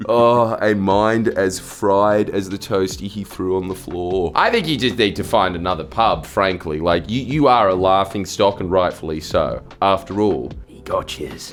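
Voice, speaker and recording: Wry Australian man, low voice. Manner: sarcastic, jokey, swings into loud squeaky outbursts. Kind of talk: reading and reacting to stories, casual commentary.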